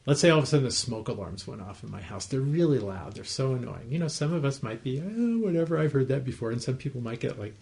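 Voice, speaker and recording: A man's voice: medium pitch, quick pace, gravelly, few pauses. A man teaching meditation to a small group in a home, in a conversational style that often checks whether the listeners follow. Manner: conversational, gently explaining, asks the listeners to confirm they follow. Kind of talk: dharma talk to a group.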